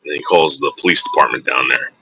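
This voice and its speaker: A man's voice: very deep voice, steady tone, fast talker, background noise. A man in his forties from northern New Jersey, casually telling rambling, profane stories to his viewers and acting out what people said. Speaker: vlogger.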